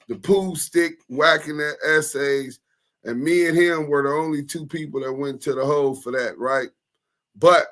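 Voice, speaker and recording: A man co-hosting a casual chat, telling a story in loose slang and acting out the people in it. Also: on the high side. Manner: animated, slangy storyteller acting out quoted voices. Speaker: co-host.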